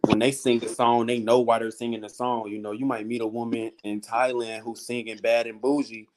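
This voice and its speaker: A man's voice: brisk, a little hiss or hum. A man on a podcast casually telling a story in slang, calling his listeners "bro". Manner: animated storytelling with slang, often acting out high-pitched voices. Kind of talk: casual chat.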